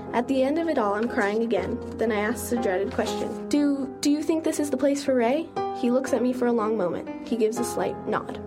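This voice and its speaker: A young adult woman reading a first-person story aloud in an earnest, steady way. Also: on the high side. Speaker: narrator.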